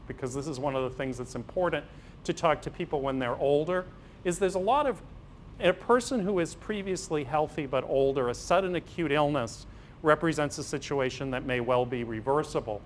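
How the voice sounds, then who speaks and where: A man's voice: on the high side, fairly quick, a little hiss or hum. A middle-aged man, a priest and physician giving an anecdotal parish talk and acting out dialogues with humor. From Massachusetts, USA. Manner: storytelling, acts out dialogues with humor. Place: parish hall.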